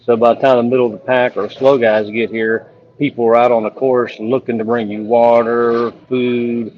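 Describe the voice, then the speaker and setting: A man tells an earnest, heartfelt story about the road, his voice sitting at an ordinary middle pitch. He is calling in over a phone, so the sound is muffled and lo-fi. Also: little pitch movement, moderate pace. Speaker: police officer and ultrarunner. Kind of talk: phone interview update.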